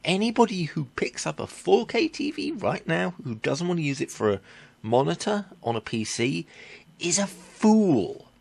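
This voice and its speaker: A man's voice: fairly high pitch, big pitch swings, creaky, a little mellow, slightly rough, no echo. A man ranting in a tech vlog, blunt and exasperated, swearing casually and correcting himself as he goes. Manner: halting with fillers and self-corrections. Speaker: vlogger.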